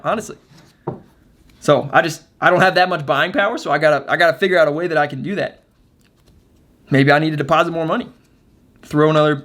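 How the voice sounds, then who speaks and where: A man with a slightly higher-than-usual voice talks casually to camera as the host of his own video. He is chatty and upbeat, with plenty of ums and restarts. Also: fairly bright tone. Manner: chatty, filler-heavy, upbeat.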